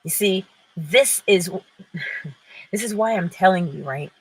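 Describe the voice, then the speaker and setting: A woman's voice: fairly low pitch, slow pace, breathy edge, poor audio. A woman hosting an inspirational talk, speaking emphatically and posing rhetorical questions that she answers herself. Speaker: host.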